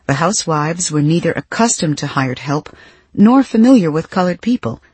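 A woman reading nonfiction as an audiobook narrator, in a measured, expressive storytelling manner. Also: low voice, slightly rough, dry recording.

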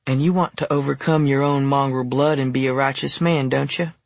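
A man's voice: medium pitch, fairly even intonation, a little fast, vocal fry, dry recording, lightly acted. A man voicing a menacing, boastful bigot in an audiobook, taunting and preachy. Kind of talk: audiobook character voice.

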